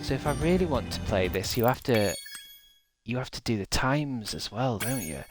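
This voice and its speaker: A man's voice: medium pitch, lively intonation, moderate pace. A British man streaming a video game, chatting in a rambling, jokey way and trying out silly voices. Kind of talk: casual game stream chat. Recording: game music behind.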